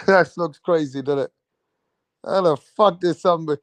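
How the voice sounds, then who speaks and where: A man's voice: a little high, measured pace, pauses often, dry recording. A man hosting a boxing show, chatting casually and slangily straight to his viewers. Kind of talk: casual livestream chat.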